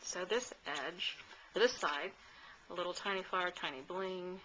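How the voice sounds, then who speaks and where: A woman giving a casual craft tutorial, chatty and relaxed, with many pauses and fillers as she works. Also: on the low side, background noise. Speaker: crafter demonstrating a mini album.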